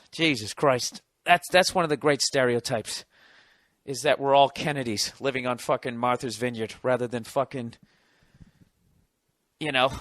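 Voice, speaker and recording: A man's voice: a little high, fairly bright tone, no room sound. A middle-aged American man hosting a podcast, delivering a sarcastic, profane comedic rant. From United States. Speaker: podcast host.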